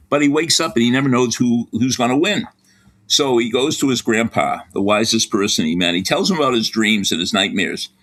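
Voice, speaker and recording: An older man, a sports psychology professor, giving advice as a podcast guest in lively storytelling fashion. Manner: lively, animated storytelling with big pitch swings.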